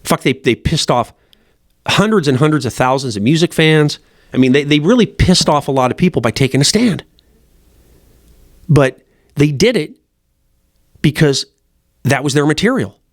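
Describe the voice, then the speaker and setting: A man's voice: fairly high pitch, animated, moderate pace, long pauses, no room sound, studio quality. Blunt, profane middle-aged man. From Montana, USA. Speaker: fly shop owner. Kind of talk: casual rambling monologue.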